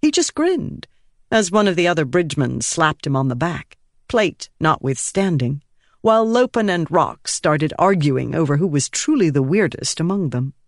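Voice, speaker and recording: A man reading an audiobook in measured scripted narration, giving each character a voice. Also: on the high side, sing-song, no echo, studio quality.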